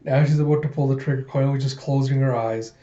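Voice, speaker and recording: Male comic reader, mellow lowish voice, casual playful recap, dull lo-fi audio. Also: quick pace. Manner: animated retelling of panels, playful asides. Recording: dull lo-fi sound.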